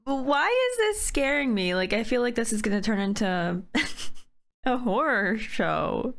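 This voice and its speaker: A woman in her twenties giving casual, gushing reaction commentary while watching an anime, chatty and quick to laugh. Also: fairly high pitch, sing-song, a bit bright. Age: 20s. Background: faint anime soundtrack music.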